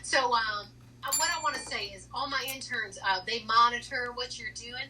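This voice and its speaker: A woman doing a comedy impression of a nagging female big-cat sanctuary owner, scolding in a rambling, deadpan way. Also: on the high side, moderate pace, recorded from a distance, a little hiss or hum, rough recording.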